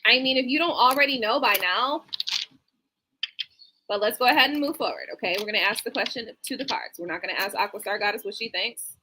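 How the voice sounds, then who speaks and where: A woman doing a casual live-stream tarot reading, chatty and animated with laughing asides. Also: on the high side, a little fast, background noise. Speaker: tarot reader. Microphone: streaming setup mic.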